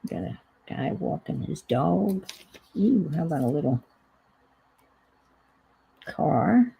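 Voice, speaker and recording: A woman's voice: low voice, big pitch swings, slow, creaky, warm tone, slightly rough, poor audio. A woman hosting a casual crafting stream, thinking aloud and rambling in a self-deprecating way as she works. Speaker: crafting livestream host. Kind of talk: casual chat while crafting.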